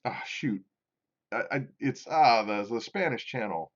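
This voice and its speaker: A man's voice: medium pitch, expressive, unhurried, highs cut off. A middle-aged man hosting a casual live stream, rambling and chatty as he reads out viewer comments. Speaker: livestream host.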